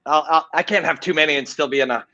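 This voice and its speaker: Middle-aged man, former-fighter host on a watch-party stream, slightly high voice, candid and swearing, muffled lo-fi sound. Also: quick pace, pushed and bright, dry recording. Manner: candid, rambling, swears freely. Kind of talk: casual live-stream commentary and storytelling.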